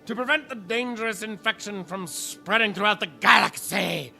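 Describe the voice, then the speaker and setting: A man reading a book's back-cover blurb aloud in a plain, even delivery. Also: sits high, normal speed, gravelly, soft background music.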